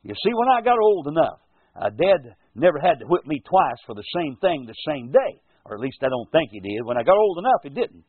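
An older man preaching a folksy radio sermon as pastor and host, slowing down to quote scripture. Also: a little high, no echo. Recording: tinny, husky lo-fi radio broadcast.

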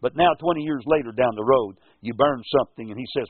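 A man's voice: mid-range voice, quick pace, slightly rough, dry recording. A man who is a pastor and radio show host, teaching from the Bible in a folksy, rambling way and often repeating his words. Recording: narrow phone-like radio sound.

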